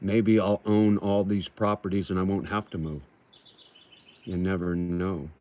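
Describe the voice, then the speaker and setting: A middle-aged man hosting a casual livestream, reading viewers' comments aloud slowly and answering them in a rough, swearing manner, calling them brother. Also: low voice, level tone, dark tone, muffled recording. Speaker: livestream host reading chat.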